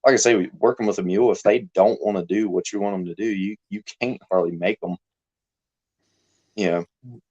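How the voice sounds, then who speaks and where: A man on a casual livestream chat, explaining his thinking in a reflective, measured way. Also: on the low side, dark tone, lo-fi sound. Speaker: livestream regular.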